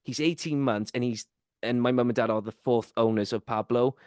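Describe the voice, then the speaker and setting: A man's voice: mid-range voice, fairly even intonation, fairly quick, a little mellow, dry recording, clean studio sound. A male podcast host, telling a rambling story in a casual chat, full of fillers.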